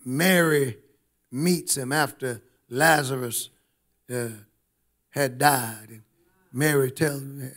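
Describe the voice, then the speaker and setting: A man's voice: mid-range voice, slow pace, pauses often, a bit bright. A man preaching a sermon in a church, emphatic and talking directly to the congregation.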